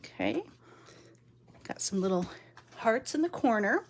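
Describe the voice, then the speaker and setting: A woman's voice: medium pitch, moderate pace, a little mellow, slight background noise. Chatty woman demoing card crafts. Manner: chatty, laughs often, many fillers. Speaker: card-making demonstrator. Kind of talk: live-stream craft demo. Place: home craft room. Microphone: mounted camera.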